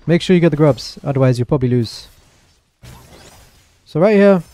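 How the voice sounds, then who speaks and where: A young man commentates his own match live for his stream, chatty and excitable. His voice sits a little high, with a mellow, soft tone. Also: normal speed. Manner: excitable, chatty, apologetic asides to chat.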